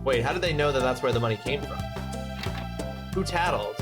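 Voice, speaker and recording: A game streamer chatting casually and wryly while playing, swearing now and then, in a mid-pitched voice. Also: racing. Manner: chatty, wry, with bursts of swearing. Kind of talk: casual let's-play commentary. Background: loud game music.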